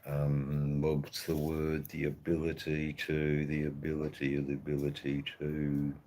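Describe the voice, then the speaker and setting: A man's voice: a bass voice, completely flat delivery, a little slow, dark tone. An Australian man hosting a livestream in casual chat, rambling and hesitant, swearing freely. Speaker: livestream host.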